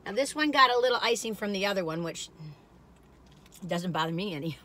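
A woman's voice: mid-range voice, animated, brisk, pushed and bright. A middle-aged woman, chatting and rambling as she taste-tests food, gushing with frequent exclamations. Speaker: food reviewer. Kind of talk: casual chat while taste-testing.

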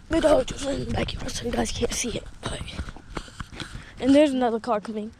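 High-voiced woman vlogging outdoors. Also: a little fast, background noise. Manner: chatty, excitedly urging a dog on. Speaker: family vlogger. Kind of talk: casual outdoor vlog narration. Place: outdoors in a rural yard and field. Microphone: handheld phone camera.

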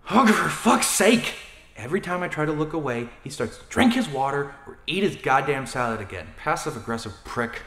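An angry sports hater, cussing nonstop, voice all over the place, echoey room. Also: male voice, medium pitch, a bit bright. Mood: seething. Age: young adult. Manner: profane, seething muttering that erupts into screaming. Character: young man irrationally enraged by sports fans. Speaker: lead actor in a comedy short film. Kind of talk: comedy film acting.

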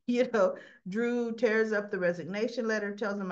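A woman's voice: medium pitch, expressive, normal speed, lo-fi sound. Woman casually recapping a soap episode. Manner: retells scenes by quoting characters in a casual, conversational way. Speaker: soap opera recap vlogger.

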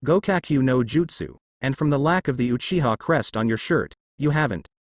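A man's voice: medium pitch, lively intonation, normal speed, no room sound. A man reading as a bored, cocky boy ninja. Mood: bored, calm. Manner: dry, unbothered.

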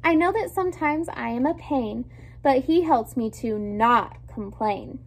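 A woman reading out a young schoolgirl's short rhyming poem in a slow sing-song. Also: high voice, expressive, full character voice. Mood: proud.

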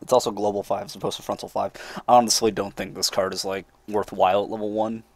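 A man's voice: fairly low pitch, level tone, quick pace, a little mellow, no echo. A man co-hosting a casual podcast, joking and making sarcastic quips about cards. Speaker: podcast co-host.

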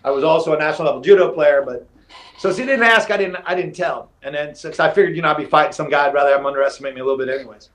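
Animated man telling war stories. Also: a little high, very fast. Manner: animated storyteller who acts out quotes, swears casually. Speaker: guest, former fighter. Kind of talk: casual storytelling interview.

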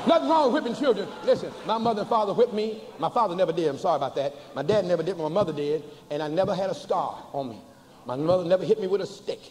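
An older man, a bishop preaching a sermon to a church congregation, folksy and humorous, slowing to chanted emphasis. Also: sits high, animated, darkish tone. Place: large church before a congregation. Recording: hall reverb with faint ambience, cassette.

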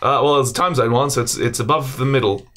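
A man's voice: medium pitch, fast, sharp tone. A young Australian man co-hosting a casual podcast, joking and swearing, self-mocking and laughing often. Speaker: podcast co-host.

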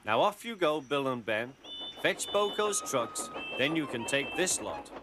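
Brief: man voicing a firm, fatherly old engine in a storybook, stern but warm-hearted, animated. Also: medium pitch, unhurried, noisy background. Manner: severe, fatherly. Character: kind, firm older male steam engine.

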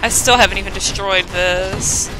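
A woman's voice: mid-range voice, steady tone, normal speed, over music. A woman giving live gameplay commentary as a let's play host, exclaiming and mocking her own mistakes.

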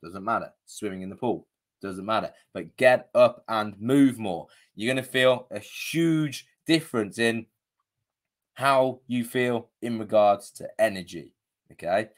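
A man's voice: fairly low pitch, a little slow. A man coaching viewers on a live video, chatty and casual, often checking in with "okay?", his voice a bit worn. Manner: chatty, punctuates with "okay?" and "you know". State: slightly losing his voice. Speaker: diabetes coach.

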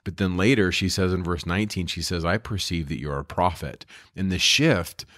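A man's voice: low-pitched, moderate pace, a bit bright, no room sound, studio quality. A man co-hosting a casual scripture discussion, retelling stories earnestly and with enthusiasm. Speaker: podcast co-host.

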